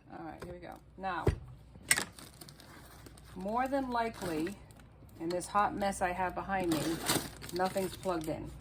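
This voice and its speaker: A woman's voice: fairly low pitch, very noisy. A woman with a New England accent, hosting a cooking video in her home kitchen, chatty and playful as she talks to viewers like friends. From Massachusetts, USA. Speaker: cooking channel host. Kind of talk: casual cooking demonstration.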